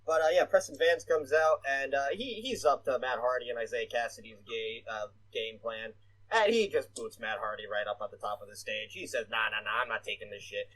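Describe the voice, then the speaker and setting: A man's voice: medium pitch, fairly quick, fairly bright tone, low-quality recording. A man co-hosting a casual podcast, rambling with lots of "uh" fillers and casual swearing. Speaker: podcast co-host. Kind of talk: casual wrestling podcast chat.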